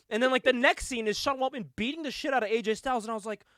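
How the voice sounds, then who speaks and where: A man's voice: extremely high pitch, fast, a bit bright, dry recording, clean studio sound. A man co-hosting a podcast, animatedly retelling events, acting out quotes and laughing often. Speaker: podcast co-host. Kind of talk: casual chat.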